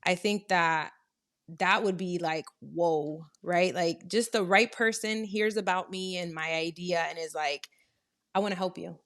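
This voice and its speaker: Woman, podcast guest, casual chat, earnest, rambling, slightly low. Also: measured pace, a bit bright. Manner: earnest, rambling, self-encouraging.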